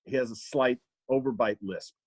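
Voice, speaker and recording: A man's voice: medium pitch, husky, no echo. A male comedian and voice actor, chatting casually as a podcast guest and breaking into impressions. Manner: animated, slips into quick impressions.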